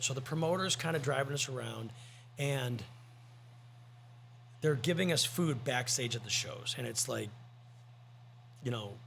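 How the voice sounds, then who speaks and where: A man's voice: a little high, gravelly, a bit bright, slight background noise. A man co-hosting a podcast, telling rambling, joking stories in casual chat. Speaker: podcast co-host.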